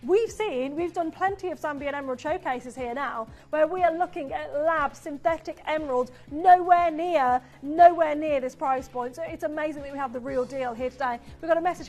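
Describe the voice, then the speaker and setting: A woman presenting on a shopping channel, pitching jewellery live with enthusiasm and reading out viewer messages. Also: normal speed, few pauses, a little mellow.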